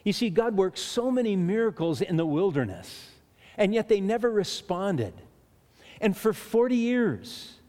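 Chatty preacher in an echoing hall. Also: male voice, high voice, darkish tone. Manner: chatty, restarts, chuckles between points. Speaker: pastor. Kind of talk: sermon. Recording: long hall reverb.

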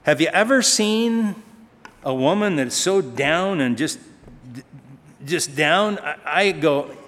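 A man's voice: on the high side, expressive, slow, fairly bright tone. A man preaching a sermon as pastor, telling stories conversationally and asking rhetorical questions. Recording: long reverb of a large hall.

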